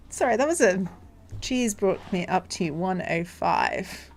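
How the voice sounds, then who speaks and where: A woman live-streaming from home, chatting casually to viewers, giggly and excitable. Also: mid-range voice, a little slow, gravelly, very noisy.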